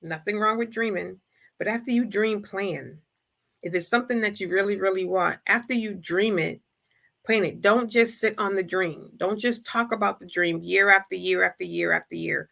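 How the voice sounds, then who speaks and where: A woman hosting a livestream, giving a preachy motivational talk and acting out imagined people in quick asides. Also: medium pitch, vocal fry, a bit bright. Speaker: livestream host. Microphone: streaming setup.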